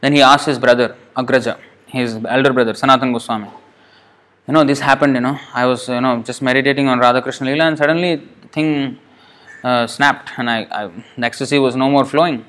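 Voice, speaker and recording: A man delivering a devotional sermon at a middle pitch. He tells a story with many rhetorical questions and restarts. At times he turns scolding and emphatic. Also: fairly even intonation, a little fast, a bit bright. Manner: scolding, emphatic tone when addressing the mind. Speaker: preacher.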